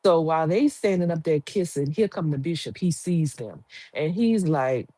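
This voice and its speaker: Chatty woman with a low voice. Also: animated, moderate pace, mellow, no room sound. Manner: chatty, slangy, acts out quotes. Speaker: TV episode reviewer. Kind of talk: casual episode recap.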